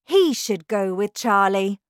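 A woman voicing a calm father who reads out a letter in a storybook reading. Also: mid-range voice, slow, clear, resonant tone, no room sound, clean studio sound. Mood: earnest.

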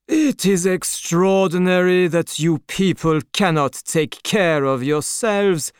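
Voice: medium pitch, smooth, no room sound, clean studio sound, voice pushed up, close to an everyday voice. A reader doing a haughty aristocrat in his sixties. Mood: contemptuous. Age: 60s. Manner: slow, haughty, contemptuous drawl. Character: proud, pitiless male aristocrat of about sixty.

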